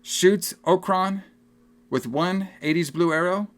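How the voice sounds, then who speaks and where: A young man co-hosting a podcast, recapping a movie in casual, animated chat and laughing often. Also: high-pitched. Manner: animated, laughing, acts out film lines in quick voices. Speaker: podcast co-host.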